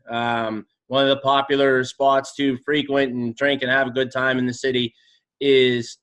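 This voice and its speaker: A man's voice: mid-range voice, flat delivery, moderate pace, fairly bright tone, clear, resonant tone. A man from the Pittsburgh area, a guest in a casual, tipsy chat, talking hesitantly with wry remarks. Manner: hesitant, many fillers and restarts, wry.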